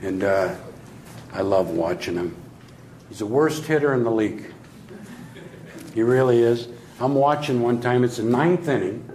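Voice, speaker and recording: A man's voice: medium pitch, measured pace, pauses often. Older man telling jokes in an echoey room. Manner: animated joke telling, acting out voices. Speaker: sales trainer and speaker. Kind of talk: humorous storytelling talk to an audience. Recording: echoey room with faint noise.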